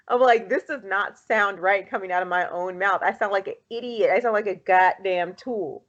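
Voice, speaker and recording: A woman's voice: mid-range voice, normal speed, hardly any pauses, dull audio. A woman in her thirties co-hosting a podcast, telling a personal story in casual chat, laughing often and acting out what people said. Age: 30s. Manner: animated storytelling, laughs often, acts out quotes. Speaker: podcast co-host.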